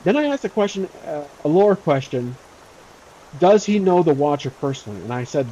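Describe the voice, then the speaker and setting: A man's voice: fairly high pitch, very animated, normal speed, mellow, dull audio, slight background noise. A man narrating his solo tabletop role-playing game in a casual, rambling way with many fillers.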